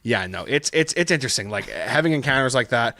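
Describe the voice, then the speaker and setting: A man's voice: medium pitch, lively intonation, fast, bright, forceful tone, no echo, clean studio sound. A man co-hosting a podcast in casual chat, rambling through stories and swearing freely. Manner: rambling storyteller, swears, restarts. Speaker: podcast co-host.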